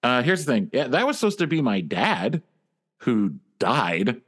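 A man's voice: medium pitch, sing-song, a little slow, fairly bright tone. A man telling a story in a casual comedy podcast, with a dry, self-deprecating delivery.

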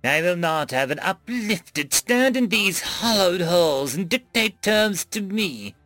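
A man voicing an indignant insectoid alien council delegate, speaking slowly and haughtily. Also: high-pitched, animated, pushed and bright, no echo, faint music behind, pitched above the performer's own voice, heavily acted.

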